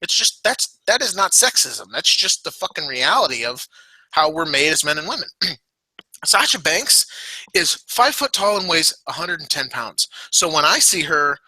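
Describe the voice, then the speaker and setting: A man's voice: a little high, very animated, normal speed, pushed and bright, breathy edge, no room sound, rough recording. A man co-hosting a casual wrestling podcast, rambling and blunt, often restarting his sentences. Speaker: podcast co-host.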